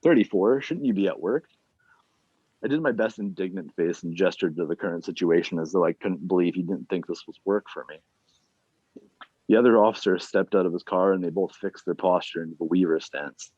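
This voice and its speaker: A man reading his own fiction aloud at an online reading series, plain and unhurried, with casual asides between chapters. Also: low-pitched, darkish tone, no echo. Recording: dull, dry lo-fi sound.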